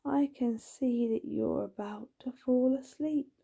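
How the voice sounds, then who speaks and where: A friendly, sleepy tractor speaks in a bedtime story, voiced by a woman. The voice is gentle and soft-spoken, dark and husky, with an unhurried pace. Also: a little high, highs cut off, pitched above the performer's own voice, full character voice.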